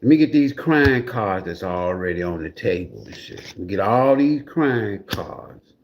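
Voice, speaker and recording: A man's voice: on the low side, very animated, a little slow, muffled recording, a little hiss or hum. A man giving a casual livestream tarot reading in a blunt, profane, mocking way. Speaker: tarot reader.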